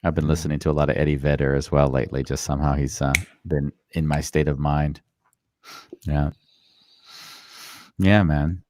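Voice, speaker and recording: A man's voice: extremely low pitch, fairly even intonation, moderate pace, long pauses, a little mellow. A man hosting a live interview, chatting casually and rambling with many fillers. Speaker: podcast host.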